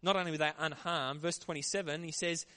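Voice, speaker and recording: Man, pastor, sermon, conversational, animated, slightly high voice. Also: fast. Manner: lively, conversational preaching with frequent laughs.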